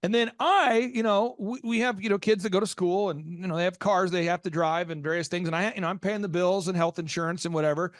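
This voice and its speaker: An American man hosting a podcast, telling a long story with energy and leaping into high excited voices when he acts out his reactions. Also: quick pace, few pauses, dry recording, studio quality. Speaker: podcast host. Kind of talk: animated storytelling in a business podcast.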